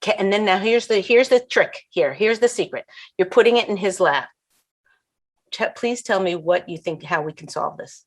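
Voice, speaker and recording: A woman's voice: mid-range voice, lively intonation, moderate pace. A woman hosting a comedic advice game show, chatty and full of asides, acting out little scenes as she explains. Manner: chatty, acts out little scenes with quoted voices; frequent restarts and asides.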